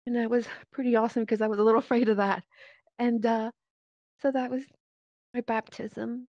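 A woman giving a personal faith testimony in an earnest, halting way, with many pauses and fillers, speaking into a VR headset microphone. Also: fairly high pitch, fairly even intonation, darkish tone, dry recording. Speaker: church member giving a testimony. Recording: dull, dry lo-fi headset audio.

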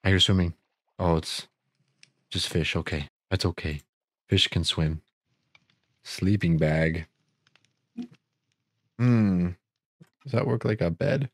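A man's voice: low voice, takes it slowly, pauses often, no room sound. A young man giving goofy, easily startled commentary while playing a Minecraft survival game, talking to himself with gasps and jokes. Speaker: gaming YouTuber. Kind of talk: Minecraft let's play commentary.

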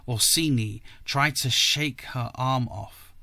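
A man reading a classic story aloud for a podcast, slowly and deliberately. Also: mid-range voice, dry recording. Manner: slow, careful and deliberate. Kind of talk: audiobook-style story reading.

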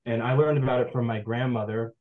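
A young forager from the Adirondacks in New York gives a casual online presentation over a video call, telling stories in a chatty, rambling way. He talks fast in a medium-pitched, steady voice, with phone-quality sound.

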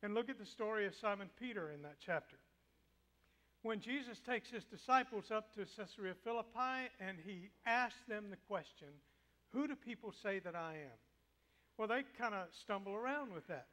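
A male preacher giving a dramatic sermon in a church sanctuary, swinging between loud declaiming and a soft hush. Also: high-pitched, normal speed.

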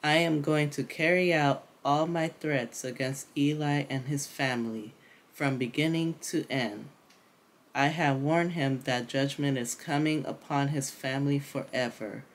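A woman reading God's solemn, stern voice. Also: very deep voice. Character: God speaking, solemn and stern.

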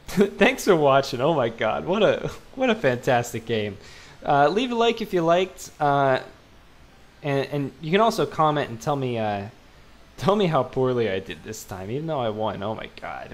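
A young man giving casual, rambling commentary as he plays a video game, mocking himself, with lots of fillers and restarts. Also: medium pitch. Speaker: gaming video host. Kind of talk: casual let's-play commentary.

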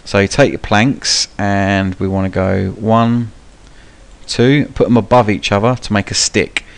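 A young gaming channel host gives casual, rambling live commentary for a gameplay tutorial, full of ums and cheeky swearing. His voice sits on the low side, level and gravelly, and he's unhurried.

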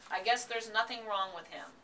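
Lady doing a hearty farmer dad, calls out loud, bright voice, mic far. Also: medium pitch, normal speed, a little hiss or hum, pitched above the performer's own voice, natural voice.

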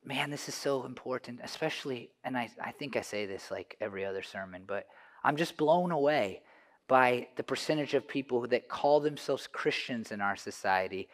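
A man's voice: mid-range voice, animated, moderate pace. A man, a pastor, preaching a casual, conversational sermon in a church and often restarting his sentences. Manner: conversational, restarts often, drops to a soft hush for the story.

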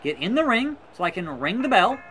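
A man's voice: high voice, sing-song, fairly quick, bright, forceful tone, slight background noise. A man giving casual gameplay commentary, calling a wrestling match in a mock play-by-play style with sarcastic asides. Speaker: gaming YouTuber. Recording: faint music behind.

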